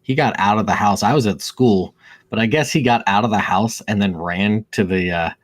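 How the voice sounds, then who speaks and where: A man's voice: fairly low pitch, moderate pace, no echo. A man co-hosting a podcast, telling a funny family story in casual chat and laughing between lines. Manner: joking, laughs through his story. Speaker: podcast co-host.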